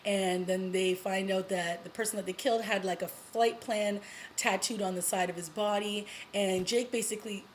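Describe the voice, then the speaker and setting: Chatty woman excitedly recapping a TV episode. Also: mid-range voice, moderate pace, a little hiss or hum, rough recording. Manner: chatty and excited, full of you-knows and little laughs. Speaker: TV review vlogger.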